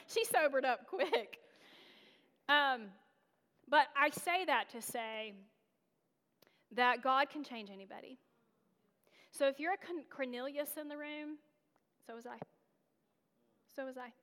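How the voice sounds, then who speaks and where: A woman from North Carolina preaches in a candid, conversational way and mixes personal stories with self-deprecating asides. Her fairly high voice carries the long reverb of a large church hall. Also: measured pace, long pauses, a bit bright. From North Carolina, USA. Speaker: guest preacher. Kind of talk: storytelling sermon.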